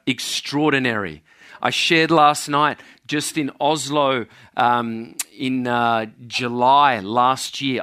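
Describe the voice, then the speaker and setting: A man preaching a sermon, telling healing stories slowly and earnestly, with frequent hesitations. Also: mid-range voice, bright, forceful tone. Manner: slow, earnest storytelling with many uh fillers. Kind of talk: sermon testimony.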